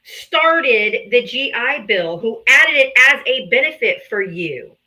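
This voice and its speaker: A woman's voice: a little high, very animated, slow, pushed and bright, low-quality recording. A woman hosting a live political debate stream, combative, sarcastic and heavy on profanity.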